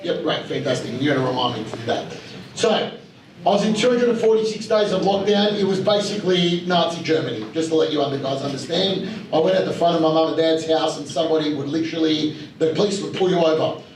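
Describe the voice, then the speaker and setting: A man's voice: fairly high pitch, fast, a crowd in the background. A man with an Australian accent talks casually and bluntly to a live audience at an investor evening, with lots of fillers and acted-out quotes. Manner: blunt and chatty, with many fillers and voiced quotes. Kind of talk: casual storytelling talk to an audience. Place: large room at a live event. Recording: roomy echo, speaker heard from some distance, faint background hum.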